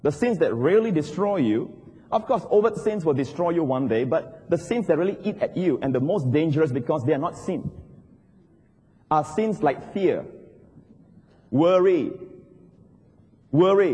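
A man, a pastor preaching a sermon in a church, animated and emphatic, his voice climbing high on key points. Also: normal speed, slightly rough. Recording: long reverb of a large hall.

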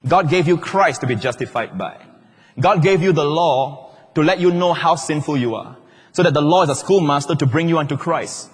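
A man preaching, his husky, slightly raised voice carrying through a big hall with a long echo. He keeps checking in with listeners and slips in playful asides between points. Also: fairly high pitch, moderate pace. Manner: playful, teasing asides to the congregation. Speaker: pastor. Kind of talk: sermon. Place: large church hall.

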